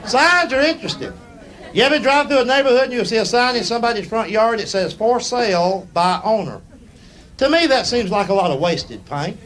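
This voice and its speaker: A man's voice: very high-pitched, lively intonation, moderate pace, pauses often, low-quality recording. A middle-aged man doing folksy storytelling stand-up in a punchy drawl, recorded live on stage. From United States. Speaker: stand-up comedian. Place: live comedy stage before a laughing audience. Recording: live show with loud crowd and noise.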